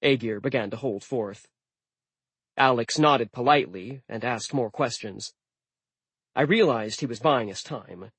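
A man narrating a first-person audiobook in a wry, deadpan way. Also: medium pitch, slightly rough, no echo.

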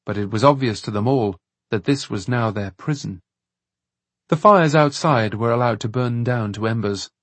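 A man narrating an audiobook in a measured, even reading. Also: mid-range voice, no room sound. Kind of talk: scripted narration.

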